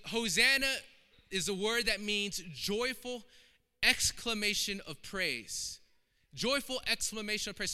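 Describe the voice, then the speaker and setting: A man's voice: sits high, bright, forceful tone, smooth. A man preaching a sermon in a church, emphatic and impassioned, repeating phrases for weight. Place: church sanctuary. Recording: long hall reverb.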